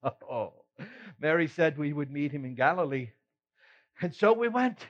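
A man's voice: a little high, sing-song, unhurried, dull audio. A man playing Peter, a chuckling old-time fisherman. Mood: animated. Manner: chuckling, folksy storyteller. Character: the apostle Peter, a middle-aged fisherman telling his story. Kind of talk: first-person dramatic monologue.

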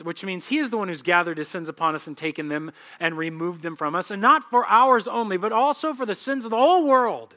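A man preaching a sermon as pastor, animated, acting out little dialogues and swinging between loud and hushed delivery. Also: high-pitched, brisk, few pauses.

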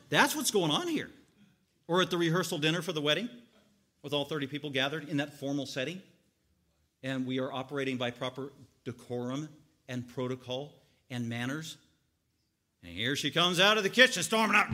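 A man preaching an expository sermon, acting out the people in the story and swinging from quiet explaining to loud, animated outbursts. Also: a little high, brisk. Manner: animated, acts out voices, rising to loud outbursts. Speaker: pastor.

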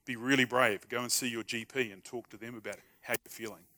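A man's voice: medium pitch, fairly even intonation, a little fast, sharp tone. A man preaching a sermon in a conversational, humorous way, acting out short everyday dialogues. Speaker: pastor.

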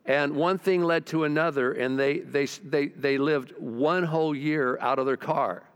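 Older pastor preaching, low drops. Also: male voice, fairly even intonation, a little slow, smooth. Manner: storytelling preacher, drops low and quiet for emphasis; talks to the congregation with questions. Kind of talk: sermon.

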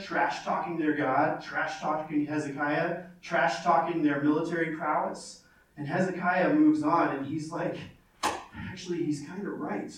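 Echoey preaching man, voice pitched high. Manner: earnest expository preaching, reads scripture aloud, repeats phrases. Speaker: pastor. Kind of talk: sermon. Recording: very echoey, from far off.

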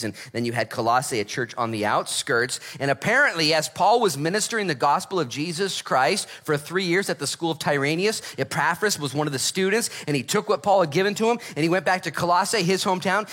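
A middle-aged man preaching a sermon as pastor, reading scripture and telling stories with lively acted voices. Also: a little high. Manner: animated storytelling with acted voices.

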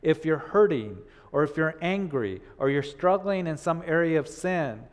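A man's voice: fairly high pitch, expressive, normal speed. Earnest male pastor preaching, hall reverb. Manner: earnest preaching, repeats phrases, quotes imagined listeners. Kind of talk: sermon.

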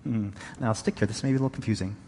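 A man's voice: fairly low pitch, very fast, a little mellow, big-room sound, a little hiss or hum. A male pastor giving a conversational sermon, reading and paraphrasing scripture with emphasis.

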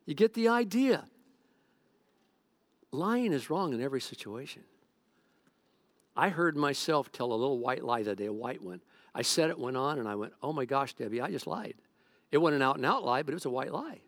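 A man's voice: mid-range voice, normal speed, pauses often, dry recording. A middle-aged man preaching a sermon as a pastor, telling stories from home and joking with the congregation. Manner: animated, joking storyteller.

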